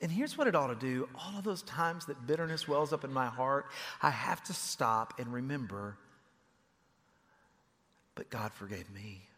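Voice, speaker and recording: A male pastor delivering a sermon, swinging from loud emphasis to hushed intensity. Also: medium pitch, expressive, normal speed, few pauses. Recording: reverberant hall.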